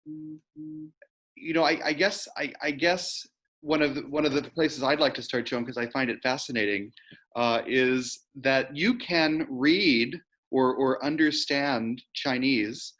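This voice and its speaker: A man's voice: medium pitch, a bit bright. Enthusiastic man moderating a Q&A. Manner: enthusiastic, halting questions with restarts. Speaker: program moderator. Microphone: video call.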